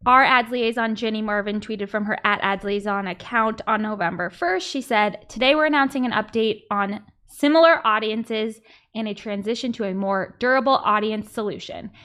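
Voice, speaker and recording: A woman's voice: mid-range voice, normal speed, fairly bright tone. A woman hosting a marketing podcast, chatting through the news and reading quotes with wry asides. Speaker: podcast host. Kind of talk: casual news chat.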